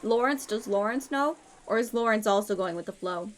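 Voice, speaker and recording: A woman's voice: mid-range voice, brisk. A young woman streamer chatting casually, playful and crude, swearing a lot. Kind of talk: casual live-stream chat.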